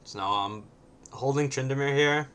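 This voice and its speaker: A man's voice: mid-range voice, moderate pace, fairly bright tone, clear, resonant tone. A man casually commenting on his own match, often ending points with a questioning "right?" and sometimes swearing bluntly.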